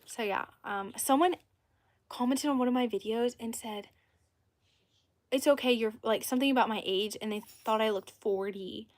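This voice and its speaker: A woman's voice: on the high side, normal speed. Chatty eighteen-year-old woman rambling on a livestream. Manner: rambling, chatty, reads comments. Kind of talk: casual livestream chat.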